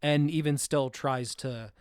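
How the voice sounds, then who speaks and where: A man co-hosting a podcast, talking through a film in a halting, reflective way and searching for his words. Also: medium pitch, fairly even intonation, smooth, no echo. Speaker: podcast co-host. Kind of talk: casual film discussion.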